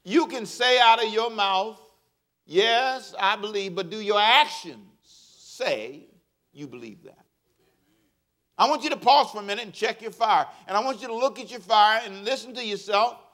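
A male pastor preaching a lively sermon, leading the congregation in call-and-response and acting out quotes from people. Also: high voice, moderate pace.

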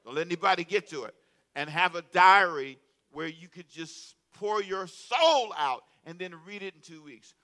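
With a high voice at a normal pace, a pastor delivers an animated sermon, calling out to his congregation and frequently repeating words.

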